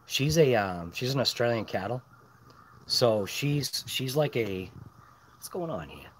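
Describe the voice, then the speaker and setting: Outdoors at night, a man hosts a late-night live stream, chatting casually in a medium-pitched, unhurried voice with slight background noise. He's chatty and lively, turning between topics to talk to his dogs and his chat.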